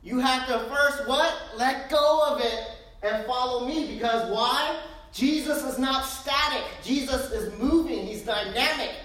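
A woman pastor preaching a sermon in a lively, joking way, full of rhetorical questions, in a church. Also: high voice, unhurried. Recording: very echoey room, distant mic.

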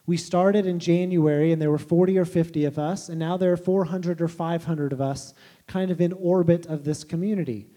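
A man's voice: on the high side, steady tone, fairly quick, dark tone. A man giving a sermon as pastor, in a casual, conversational and self-deprecating way.

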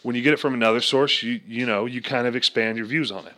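A man's voice: mid-range voice, quick pace, bright, forceful tone. A man ranting casually and crudely about politics, swearing often, joking, and slipping into voices. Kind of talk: casual profane political rant.

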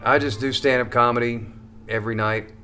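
With a medium-pitched, bright voice, the comedian speaks fairly quickly in a steady yet forceful tone over slight background noise. He's joking around as a podcast guest in a comedy club, rambling casually and cursing freely.

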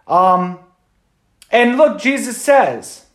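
A man's voice: sits high, lively intonation, a little slow, reverberant. A man, a Catholic priest, giving an informal Sunday homily in a conversational way, often checking in with "right?".

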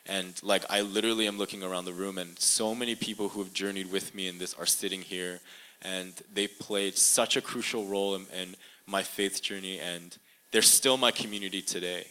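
A young man sharing a personal testimony in an interview, earnest and halting, full of fillers and restarts, in a room with a live audience. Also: low voice, steady tone, sharp tone, rough recording.

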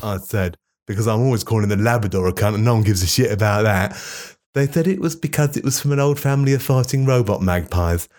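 A man's voice: lowish voice, a little mellow, voice pushed down, natural voice. A man doing a comic impression of a smug, self-important politician, reading out a childhood diary in a pompous, mock-earnest way. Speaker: comedy podcast host.

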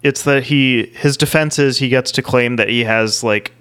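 A man's voice: medium pitch, normal speed, fairly bright tone, a little hiss or hum. A man co-hosting a podcast in casual chat, dropping dry, jokey asides. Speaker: podcast co-host.

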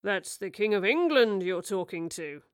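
A woman doing a calm wry Tudor actor. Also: mid-range voice, moderate pace, dry recording, clean studio sound, lightly acted. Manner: steady, wry, warning. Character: calm good-humoured male Tudor actor.

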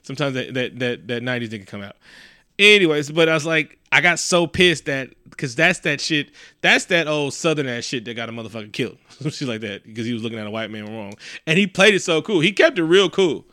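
Profane, animated storytelling man. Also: medium pitch, a little fast, no echo, studio quality. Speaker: podcast co-host. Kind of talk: casual chat.

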